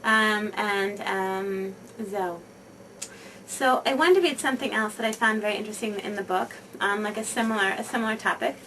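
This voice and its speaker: A woman reading aloud and then talking casually to other mothers, halting, with many fillers and repeated emphasis. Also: medium pitch, fairly bright tone, far from the mic, a little hiss or hum, rough recording.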